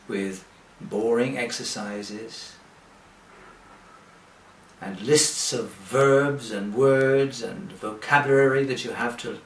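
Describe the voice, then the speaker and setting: Man, teacher, very slow deliberate delivery, distant mic, echoey room. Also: medium pitch. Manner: slow, deliberate, with rhetorical questions. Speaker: English teacher. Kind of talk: direct-to-camera sales pitch. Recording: roomy, from away from the mic.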